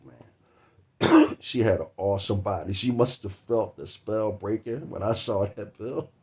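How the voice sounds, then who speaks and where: A man, telling a long comic story about a date that cost him, laughing between words and swearing freely. His voice sits a little low. The delivery is loose and conversational. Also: warm tone. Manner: profane, laughing through the story. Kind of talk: comedic storytelling monologue.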